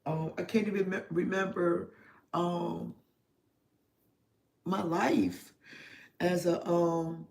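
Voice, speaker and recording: A middle-aged woman speaks to her livestream audience as a spiritual therapist, her voice emotional and confiding. She talks slowly and reflectively, pausing often and leaning on soft fillers as she searches for words. The tone is that of a personal, confessional talk. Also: lowish voice, steady tone, creaky. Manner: slow, reflective, heavy with pauses and fillers.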